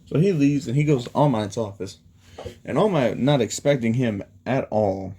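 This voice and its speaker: A man's voice: mid-range voice, animated, normal speed, mellow, breathy edge. A man casually retelling a fan story, rambling along with lots of fillers. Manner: rambling, heavy use of "you know" and "he's like".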